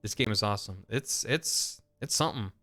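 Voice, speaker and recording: A man's voice: on the low side, animated, moderate pace, pushed and bright. A man streaming a story game, commenting playfully and reading its dialogue aloud. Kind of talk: casual gameplay commentary.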